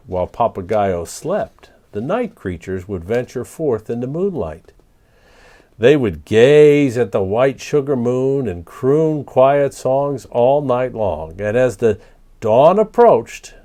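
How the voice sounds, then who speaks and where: A man reading a picture book aloud to children, speaking gently and pausing to ask the young listeners questions. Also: mid-range voice, very animated. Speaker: storyteller.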